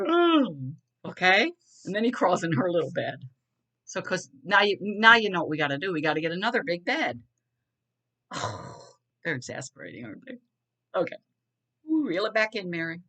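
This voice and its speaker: A middle-aged woman with a lilt talks straight to her viewers in a loose, earnest monologue. She wanders between thoughts, circles back, and leans on little check-ins as she goes. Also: on the low side. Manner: earnest, rambling, addresses viewers as y'all. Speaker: vlogger. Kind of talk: casual talking-head monologue.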